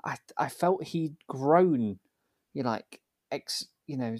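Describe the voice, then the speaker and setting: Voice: medium pitch, expressive, slow pace, darkish tone, no echo, studio quality. A podcast co-host in casual chat who teases, laughs often and steers the conversation back to the episode.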